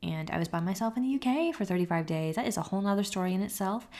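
A woman's voice: mid-range voice, expressive, rapid-fire, darkish tone. A young woman hosting her own podcast, talking openly and casually about her life, with the odd swear word. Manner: open, confessional, casual with swearing. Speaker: podcast host. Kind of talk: candid solo podcast talk.

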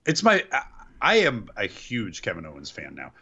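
A man's voice: lowish voice, huge pitch swings, normal speed, pushed and bright, husky, muffled recording. A man co-hosting a casual podcast, jumping in with enthusiastic interjections. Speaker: podcast co-host. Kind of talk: casual chat.

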